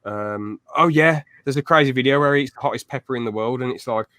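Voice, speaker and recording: A young man chats casually as a podcast host. He tells stories with energy and throws in loud acted-out quotes. His voice sits at a middle pitch, recorded dry and close. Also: fast talker, no echo. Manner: lively storyteller who acts out loud quotes. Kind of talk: casual chat.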